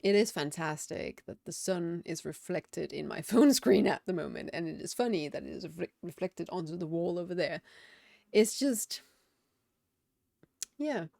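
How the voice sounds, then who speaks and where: A woman's voice: fairly low pitch, lively intonation, moderate pace, gravelly, darkish tone, dry recording, clean studio sound. A woman game streamer chatting casually and reflectively on a live stream, often laughing.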